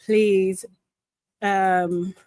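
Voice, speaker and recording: A woman's voice: medium pitch, no echo. A woman hosting a live reaction chat, exclaiming and laughing as she reacts. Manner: animated, quick to exclaim, laughs often. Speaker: host of a live show debrief.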